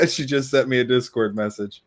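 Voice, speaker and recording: A man hosting a streamed podcast, chatting in a relaxed way and laughing often. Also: medium pitch, normal speed. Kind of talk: casual chat.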